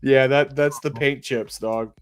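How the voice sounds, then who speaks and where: A man's voice: medium pitch, steady tone, measured pace, smooth. A man co-hosting a casual fan livestream, bantering in a laid-back way and laughing often.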